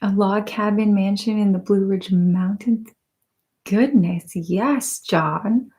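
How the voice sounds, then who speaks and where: A woman hosting an ASMR live stream on binaural microphones, reading viewer comments aloud in a soft-spoken way while stifling giggles. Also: mid-range voice, slow pace. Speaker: ASMR channel host.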